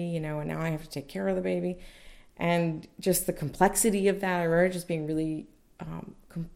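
Low gravelly-voiced woman telling a story. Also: warm tone. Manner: candid, conversational, many fillers. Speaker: mother recounting childbirth. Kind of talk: personal storytelling.

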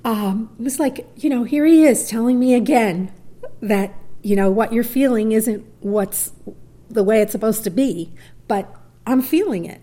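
A woman's voice: on the high side, unhurried, warm tone. A middle-aged woman telling a personal story, acting out quoted voices and dropping to near whispers. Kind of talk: personal story told to a listener.

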